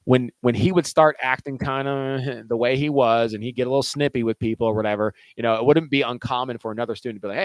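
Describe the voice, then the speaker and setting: A man's voice: medium pitch, fast, few pauses, dry recording, low-quality recording. A male teacher telling a classroom story in a casual, conversational way, full of "you know" and restarts.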